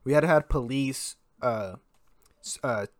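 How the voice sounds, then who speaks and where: A man co-hosting a podcast, chatting casually in a profane, animated way and telling stories. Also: mid-range voice, measured pace, no room sound, clean studio sound. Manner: profane, animated storytelling with laughs. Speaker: podcast co-host. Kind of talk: casual chat.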